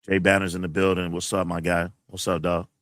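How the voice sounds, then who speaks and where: A man's voice: low voice, level tone, brisk, fairly bright tone, no echo, clean studio sound. Upset man venting on a livestream. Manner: emotional, blunt and profane, reading chat messages aloud. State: upset, near tears. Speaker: channel host. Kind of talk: casual livestream venting to camera.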